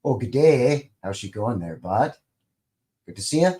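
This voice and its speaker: Mellow and medium in pitch, this man speaks animatedly at a measured pace. He hosts a casual live stream, rambling as he greets people, reading their comments aloud with light jokes and mild profanity.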